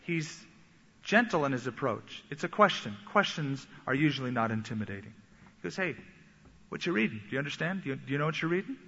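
A man preaching a sermon, animated and acting out the voices he quotes. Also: fairly high pitch, a little fast, husky. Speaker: pastor. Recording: echoey hall, dull sound.

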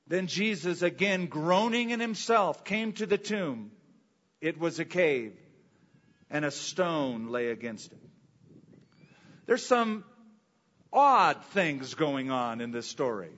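A man preaching a sermon, reading scripture and asking rhetorical questions with dramatic pauses. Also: high voice, fairly bright tone, in a large hall, muffled recording. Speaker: pastor.

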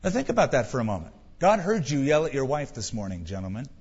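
A man's voice: mid-range voice, very animated, fast, a little mellow, breathy edge. A middle-aged man preaching a sermon in a conversational style with wry humor. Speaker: pastor. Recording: dull sound with long hall reverb.

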